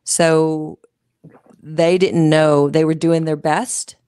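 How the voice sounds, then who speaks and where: A woman speaking as a guest coach in a casual interview, gentle, earnest and encouraging. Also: sits low, level tone, slow pace, smooth, dry recording, studio quality.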